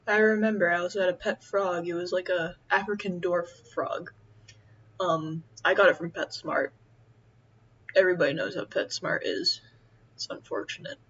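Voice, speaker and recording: A young woman chatting casually as she eats, rambling and halting with many fillers. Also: lowish voice, breathy edge, dull audio. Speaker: vlogger. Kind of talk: casual chat while eating.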